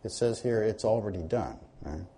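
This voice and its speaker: Speaking at a normal speed, an animated man gives a sermon like a lesson, redirecting questions to his audience. His voice is mellow and slightly husky, with pitch that swings up and down a lot.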